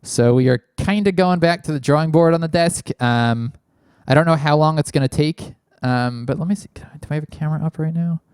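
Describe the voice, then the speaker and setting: A man's voice: a little high, fairly quick, hardly any pauses, darkish tone, clean tone, no room sound. A man hosting a casual call-in show, talking loosely with lots of fillers, close on a large studio microphone in a small studio. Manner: rambling, many fillers. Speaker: podcast host. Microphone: large studio mic, spoken into closely.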